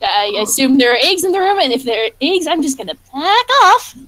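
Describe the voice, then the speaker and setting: High, giggly woman player. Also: sing-song, fairly quick, a bit bright. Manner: giggly, jokey asides. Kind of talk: tabletop role-play chat.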